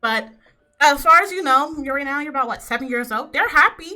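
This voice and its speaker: A woman narrating a tabletop role-playing game as game master, animated and often laughing. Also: sits high, brisk.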